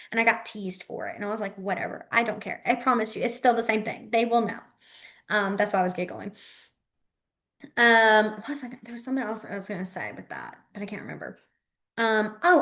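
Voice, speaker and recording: A young woman with a slightly high, fairly bright voice teaches a casual online sign language class. Her style is chatty and informal, and she often trails off while demonstrating.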